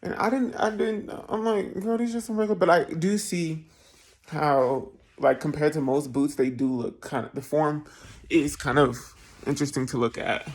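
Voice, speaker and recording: A travel vlogger from New Jersey, a man with a slightly high, husky voice, tells stories at a measured pace in a casual, self-mocking way. He laughs a lot and puts on voices for the other people in his tales.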